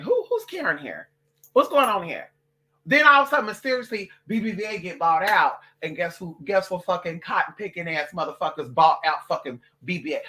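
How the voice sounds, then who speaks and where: An adult vlogger ranting to camera, loud and profane, swearing constantly and slipping into mocking voices for other people. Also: mid-range voice, very animated, brisk. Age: adult, parent of a toddler.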